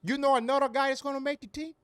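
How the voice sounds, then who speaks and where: A man's voice: very high-pitched, fairly even intonation, very fast, a bit bright, no echo. A man co-hosting a sports podcast, talking loosely and animatedly with slang and frequent laughs. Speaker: podcast co-host. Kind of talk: casual sports podcast chat.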